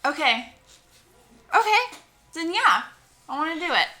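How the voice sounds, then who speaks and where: A woman playing her character in a tabletop game, speaking in a hesitant, halting way. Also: very high-pitched, big pitch swings, pushed and bright. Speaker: player.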